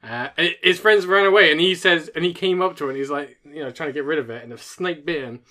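A man's voice: a little high, fast talker, bright, forceful tone. A man on a podcast, telling stories in casual banter, swearing a lot and laughing as he goes. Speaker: podcast co-host.

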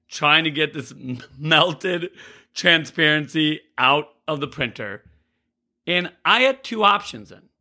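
A male teacher tells a personal, motivational story about owning up to a mistake, earnestly repeating phrases for emphasis and occasionally stumbling over restarts. His voice is fairly high-pitched with a sharp tone.

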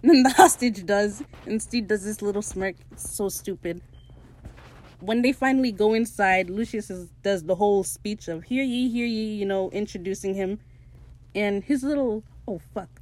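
Woman, podcast host, casual chat, animated storytelling, frequent laughs. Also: medium pitch, normal speed. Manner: animated storytelling, quotes characters in put-on voices, laughs often. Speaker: podcast host recapping a TV episode.

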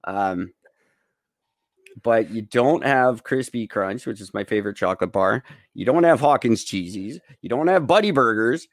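Canadian male co-host, animated sarcastic delivery, dry close mic. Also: medium pitch, moderate pace, dry recording. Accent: Canadian English. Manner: joking, sarcastic, playful swearing. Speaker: podcast co-host. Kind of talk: casual chat.

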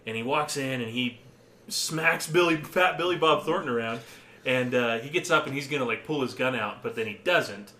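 A man in casual podcast chat, an animated storyteller who laughs often and acts out movie lines. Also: medium pitch, normal speed, reverberant, slight background noise.

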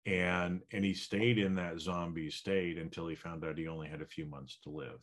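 A man's voice: low-pitched, steady tone, normal speed. A man co-hosting a podcast, musing in a reflective, rambling way with many fillers. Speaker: podcast co-host. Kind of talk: casual chat.

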